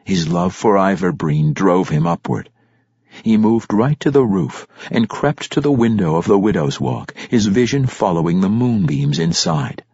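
A man narrating a fantasy audiobook in a measured, expressive storytelling manner. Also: low voice, vocal fry, slightly rough, no room sound. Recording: dull lo-fi dry recording.

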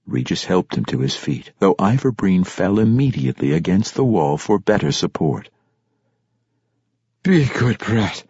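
A man narrating a fantasy audiobook in a measured, expressive storytelling manner. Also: extremely low pitch, vocal fry, slightly rough, no room sound. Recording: dull lo-fi dry recording.

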